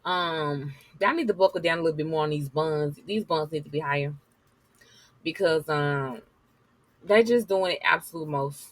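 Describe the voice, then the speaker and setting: A woman's voice: low voice, moderate pace, dry recording. A woman giving blunt, sassy commentary while reading news articles aloud to her viewers.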